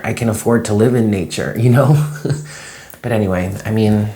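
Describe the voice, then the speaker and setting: A tarot reader with a very low voice chats through a daily reading vlog. The talk rambles and is loose, full of little fillers, and turns emotional while telling a dream. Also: darkish tone. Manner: rambling and chatty, many fillers.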